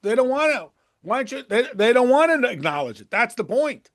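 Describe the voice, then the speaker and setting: A man teaching a Torah class in a lively, conversational way, firing off rhetorical questions and acting out quotes in a raised voice. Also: very high voice, fairly quick.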